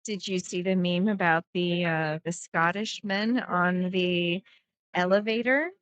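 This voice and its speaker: A woman chatting casually as a guest co-commentator on a pool stream, telling relaxed stories. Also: on the low side, unhurried, smooth, no echo. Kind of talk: casual chat.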